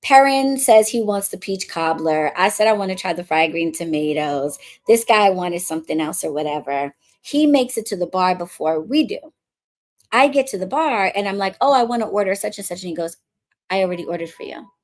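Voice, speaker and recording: A woman's voice: medium pitch, brisk. A woman from the Bronx, a witchcraft coach and podcast host, telling a casual story in a chatty way and acting out what people said. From the Bronx, New York. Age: adult, married since before 2020. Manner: chatty, animated, acts out quoted dialogue.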